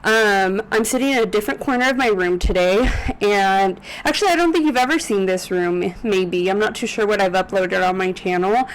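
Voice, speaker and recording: A young woman in her twenties chats to the camera from a corner of her apartment room, recorded on a desk microphone. She rambles and corrects herself often, filling pauses with ums, and her voice sounds teary and close to breaking. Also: mid-range voice, clear, resonant tone, low-quality recording. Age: 20s. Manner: chatty, rambling, with many ums and self-corrections. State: tearful, on the verge of crying. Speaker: vlogger. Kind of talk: casual vlog talk to camera. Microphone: USB desk microphone.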